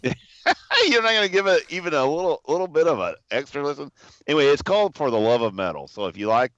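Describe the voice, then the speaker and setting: A man co-hosting a podcast in a relaxed, hesitant manner with many fillers. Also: fairly high pitch, fast talker, no echo, dull audio. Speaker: podcast co-host. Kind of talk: casual podcast chat.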